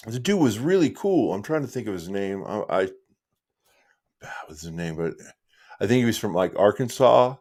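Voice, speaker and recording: This live stream host has a fairly low, darkish voice. He's friendly and rambling in his casual chat, frequently starting sentences over and addressing the listener as "dude."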